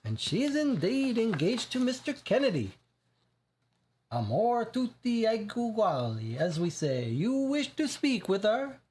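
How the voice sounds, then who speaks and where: Someone reading aloud puts on a hearty middle-aged Italian gentleman with a thick Italian accent who booms out every line. The voice is pitched well above the reader's usual, and it swings up and down. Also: sing-song, measured pace, slight background noise. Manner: booming, expansive.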